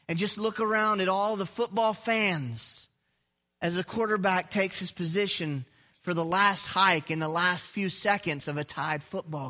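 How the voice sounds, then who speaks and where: Male pastor, sermon, high, sharp voice, vivid storyteller. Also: normal speed. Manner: vivid storytelling, asks the congregation questions.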